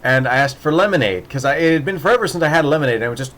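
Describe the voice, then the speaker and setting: A man's voice: medium pitch, racing, few pauses, a bit bright. A man telling a casual, rambling story with many restarts and laughs, acting out voices in the quoted dialogue. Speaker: podcast host.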